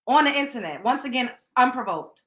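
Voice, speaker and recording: A woman's voice: high-pitched, expressive, a little fast, sharp tone. A woman hosting a show, reacting to a clip with indignant, emphatic commentary. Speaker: show host.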